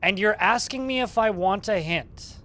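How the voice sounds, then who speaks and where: A man's voice: high-pitched, normal speed, a bit bright. A young man streaming a game live, chatting casually and sarcastically with his viewers and swearing freely.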